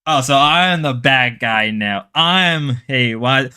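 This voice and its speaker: A man's voice: medium pitch, animated, takes it slowly, hardly any pauses, pushed and bright, clear, resonant tone. A man whose first language is Spanish, hosting a livestream and chatting casually and jokily with his viewers, rambling and slipping into mock voices. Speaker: livestream host. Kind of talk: casual stream chat with viewers.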